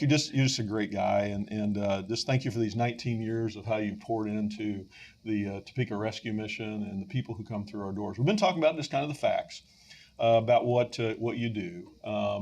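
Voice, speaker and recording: A middle-aged man hosting a podcast, telling a story with lively energy and frequent fillers and restarts. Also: on the low side, creaky, slightly rough. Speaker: podcast host and rescue mission leader.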